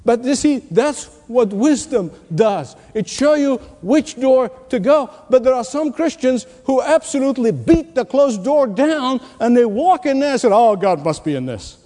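A man preaching in a high, mellow voice that rings through a big hall with a long echo. He delivers his sermon with force, repeating key phrases and dropping to near whispers for effect. He comes across as a pastor working a congregation. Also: expressive, unhurried, hardly any pauses. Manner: emphatic preaching, repeats key lines, swings from loud to hushed.

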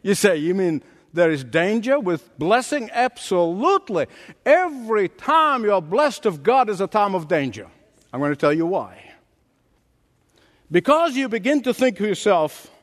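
A pastor delivers an emphatic sermon, stacking repeated phrases and building to points. His voice sits high for a man and leaps wildly up and down in pitch. The sound rings with the long reverb of a large sanctuary. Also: very animated, a little slow. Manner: emphatic preaching with dramatic pitch swings and repetition.

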